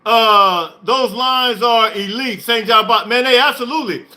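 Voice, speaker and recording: An excited man hosting a sports reaction stream, talking emphatically, repeating himself and laughing often. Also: very high-pitched, normal speed. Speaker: podcast host. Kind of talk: live-stream sports reaction, reading chat.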